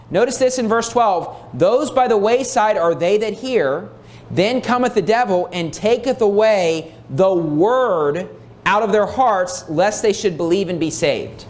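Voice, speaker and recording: A man preaching a sermon, reading scripture aloud and repeating key phrases for emphasis. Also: high-pitched.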